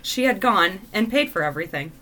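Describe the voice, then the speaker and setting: A woman's voice: medium pitch, a little fast. A woman co-host reading dating stories aloud and reacting with laughter. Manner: expressive, laughs often.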